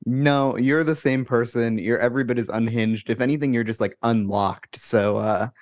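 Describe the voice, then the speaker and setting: A man co-hosting a sports podcast, talking in a casual, wry, halting way. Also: mid-range voice, steady tone. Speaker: podcast co-host. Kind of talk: casual chat.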